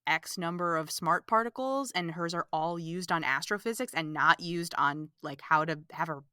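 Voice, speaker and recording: A woman hosting a podcast, recapping a movie in casual, animated, exasperated chat full of "like". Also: lowish voice, normal speed, clean tone, no room sound, studio quality. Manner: animated, exasperated, fills talk with "like". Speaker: podcast host.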